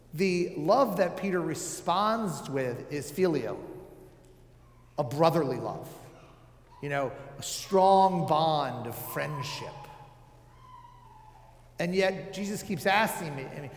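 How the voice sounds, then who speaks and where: A man preaches in a relaxed, talky way, full of fillers and wry asides. His voice sits a little high for a man. The sound carries a roomy, echoing tail, as if recorded in a large hall. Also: slow, pauses often. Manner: casual, joking asides, many fillers. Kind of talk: conversational sermon. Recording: echoey hall with long reverb.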